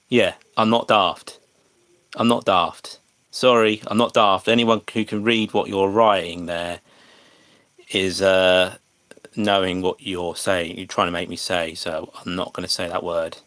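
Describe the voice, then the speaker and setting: A man with an English accent talks to his livestream chat in a slow, unhurried way, pausing and restarting often. His voice sits fairly low and sounds dry and close, with little room around it. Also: a bit bright, dry recording. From England. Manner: hesitant, many fillers and restarts, chats to viewers.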